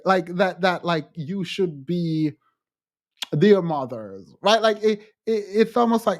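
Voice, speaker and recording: A man hosting a livestream, talking frankly to his chat in halting restarts and growing emphatic when he quotes others. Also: high-pitched. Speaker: livestream host. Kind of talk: livestream chat answering viewers.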